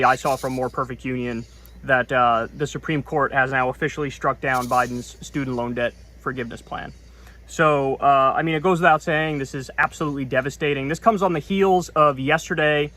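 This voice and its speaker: A man's voice: mid-range voice, steady tone, normal speed, bright, forceful tone. A man giving earnest, explanatory online political news commentary.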